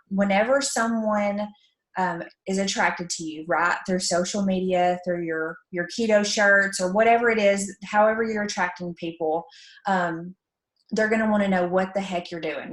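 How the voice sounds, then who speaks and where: A chatty woman from Alabama with a Southern accent, giving a casual, upbeat training talk with plenty of fillers. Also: medium pitch. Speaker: network marketing presenter. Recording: echoey room.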